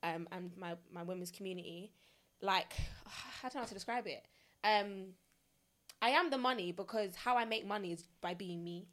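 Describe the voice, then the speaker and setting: A woman's voice: medium pitch, moderate pace, a bit bright. A woman hosting a podcast, chatting casually and animatedly and laughing easily as she talks through her ideas. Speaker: podcast host.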